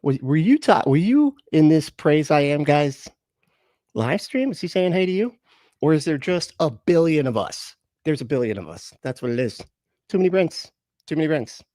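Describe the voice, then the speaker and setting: A man's voice: a little high, sing-song, normal speed, dark tone, no echo, clean studio sound. A man hosting a live stream in casual chat, greeting viewers with rambling, chuckling, self-correcting asides.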